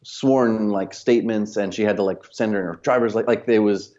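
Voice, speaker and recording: A man's voice: fairly low pitch, steady tone, normal speed, mellow, highs cut off. A man, a company cofounder, telling a long anecdote casually as a podcast guest, full of fillers and quoted dialogue. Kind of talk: casual storytelling.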